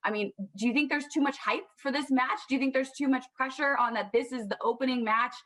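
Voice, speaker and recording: A woman's voice: sits high, fast talker, a bit bright, low-quality recording. Bubbly female sports co-host. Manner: bubbly, poses questions. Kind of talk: casual panel discussion.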